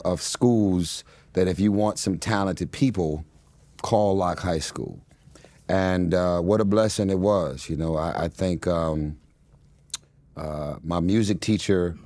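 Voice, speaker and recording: Deep-voiced man telling stories, fillers. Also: a little mellow, dry recording. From Los Angeles, United States. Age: 40s. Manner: rambling, laughs often, frequent fillers and restarts. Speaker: guest. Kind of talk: casual interview storytelling.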